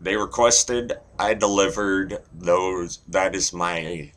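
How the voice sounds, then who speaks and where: Self-mocking American man, deep unhurried delivery, amateur accent comic. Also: fairly bright tone. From United States. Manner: self-mocking, loses his notes. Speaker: amateur comedian doing accent bits. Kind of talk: rambling accent impressions.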